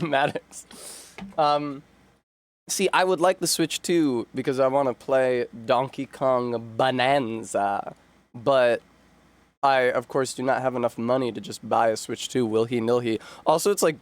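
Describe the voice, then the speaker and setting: A man's voice: mid-range voice, no room sound. Rambling, chatty man streaming a game. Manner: rambling, chatty, full of fillers and self-interruptions. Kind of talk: casual chat while live-streaming a game.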